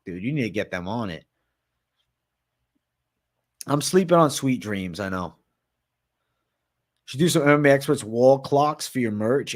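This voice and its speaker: A man from Massachusetts with a Boston accent, hosting a casual livestream, reading chat aloud and answering it with lots of swearing and "bro". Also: mid-range voice. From Massachusetts, raised in Florida. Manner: swears freely, reads and answers chat, says bro a lot. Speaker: livestream host.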